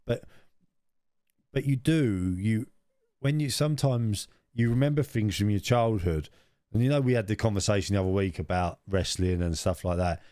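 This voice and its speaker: A man's voice: on the low side, normal speed, warm tone, dry recording. A man co-hosting a podcast, chatting casually, laughing often and repeating phrases for comic effect. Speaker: podcast co-host. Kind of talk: casual chat.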